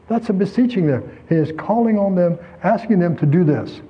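A man preaching a sermon, telling a story and asking rhetorical questions with lively emphasis. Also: high voice, brisk, hardly any pauses, slightly rough, dull audio.

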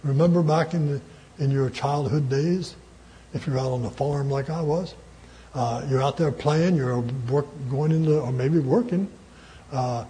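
A man delivers a sermon with emphatic conviction, hammering his key words through repetition. His voice sits somewhat high for a man yet sounds mellow and warm, and he lets out a chuckle between points. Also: slight background noise. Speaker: preacher.

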